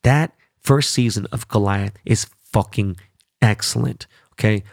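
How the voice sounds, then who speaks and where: A man hosting his podcast on his own, talking casually with a lot of swearing and animated, rambling asides. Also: fairly low pitch, moderate pace, creaky, no room sound, clean studio sound. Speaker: podcast host. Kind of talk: casual solo podcast chat.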